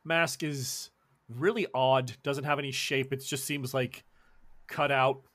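A man's voice: mid-range voice, takes it slowly. A man narrating a tabletop role-playing game as game master. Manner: animated, lively narration.

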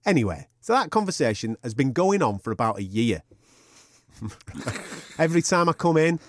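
A man's voice: medium pitch, moderate pace, long pauses, no room sound, clean studio sound. A man, co-hosting a podcast and telling a long sweary anecdote in casual chat. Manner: animated anecdote with sweary banter and laughter. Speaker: podcast co-host.

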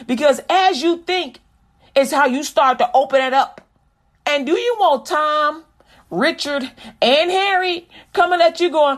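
A woman preacher delivering a sermon, mixing scripture recitation with animated, conversational talk. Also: sits high, measured pace.

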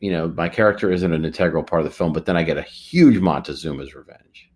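Deep-voiced man, deadpan storyteller. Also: quick pace, slightly rough. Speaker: podcast co-host. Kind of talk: comedic improvised pitching.

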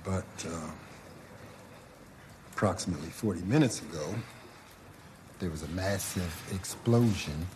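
An actor playing an official giving a fast, urgent briefing in a film. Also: male voice, low-pitched, darkish tone, a little hiss or hum.

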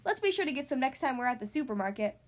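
Flustered papa bear in a storybook, fussy and raised, read by a woman. Lively pitch. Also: quick pace. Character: flustered, snack-loving father bear.

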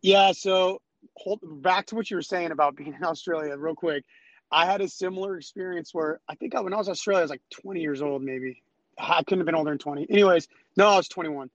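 Young male guest, higher voice, dry close sound, laid-back. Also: fast talker, no room sound. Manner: relaxed, rambling with fillers. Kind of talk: casual chat. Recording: dry, slightly dull sound.

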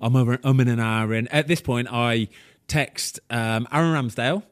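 A man hosting a casual podcast, telling an animated story full of fillers, asides and the odd swear word. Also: mid-range voice, normal speed, smooth, dry recording, studio quality. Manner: animated, excitable, swears, frequent "right?" and "um". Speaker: podcast host, former goalkeeper.

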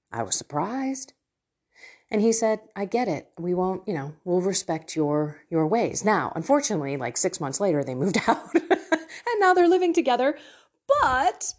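A middle-aged woman hosting a faith podcast, teaching her listeners in a candid, emotional way and laughing often. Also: mid-range voice.

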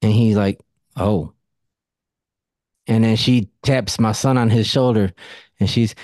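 A man's voice: lowish voice, steady tone, takes it slowly, long pauses, warm tone, no room sound, studio quality. A man hosting a casual podcast conversation, telling blunt stories and swearing freely. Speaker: podcast host.

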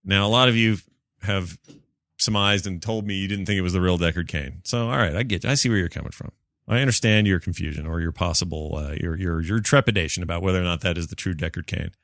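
A man with a somewhat low voice hosts a casual podcast. He talks in an excitable, rambling way into a close studio mic. The sound is dry and close. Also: quick pace, dry recording. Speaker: podcast host.

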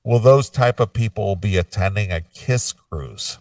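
A man's voice: fairly low pitch, measured pace, creaky, a little mellow, no room sound, far from the mic. Laid-back man co-hosting a metal show. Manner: rambling, laid-back, lots of fillers. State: hiccups. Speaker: podcast co-host. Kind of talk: casual chat.

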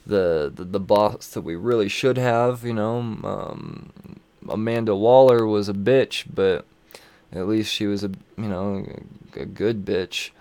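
A man's voice: fairly low pitch, creaky, a little mellow. A man casually recapping comic books, rambling and swearing freely, with many fillers and restarts. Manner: rambling, profane, with frequent fillers. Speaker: comic book reviewer.

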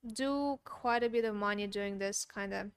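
A woman's voice: mid-range voice, normal speed, clean tone, dry recording, clean studio sound. A woman co-hosting a casual chat, whose first language is not English, making blunt, short remarks. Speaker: co-host.

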